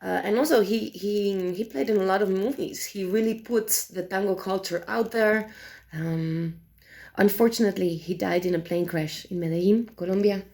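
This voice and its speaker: A woman reviewing tarot decks in casual chat, animated and exasperated, swearing freely and talking with many fillers and restarts. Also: mid-range voice, normal speed.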